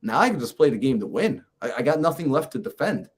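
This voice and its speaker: A man, a mindset coach and podcast guest, telling a personal story in a lively way and acting out the conversations in it. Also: medium pitch, fast, husky. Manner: lively, acts out conversations in his stories.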